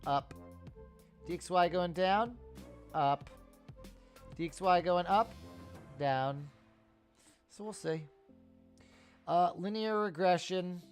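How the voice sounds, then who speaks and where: A man in his thirties talks through a live market stream in a loose, tired way. He swears freely and works himself up into heated rants. His voice sits a little high, with faint music playing underneath. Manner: profane, ranting, animated. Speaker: livestream stock trading host. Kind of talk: casual live market commentary.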